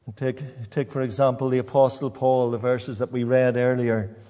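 Male preacher giving a sermon, stop-start delivery with repeated words, mellow tone. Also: medium pitch, flat delivery, big-room sound. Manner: halting, repeats words as he goes. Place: church.

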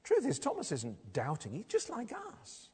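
A man's voice: sits high, huge pitch swings, normal speed, a little mellow, breathy edge. A man preaching a sermon in a church, talking conversationally and putting rhetorical questions to the congregation. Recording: long reverb of a large hall.

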